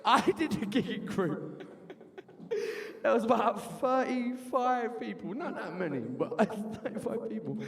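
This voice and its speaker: A man in his twenties doing a lively stand-up comedy set with crowd work, shouting his punchlines in a university bar. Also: high-pitched, unhurried, gravelly. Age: 20s. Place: university bar venue, live audience. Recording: long reverb of a live venue.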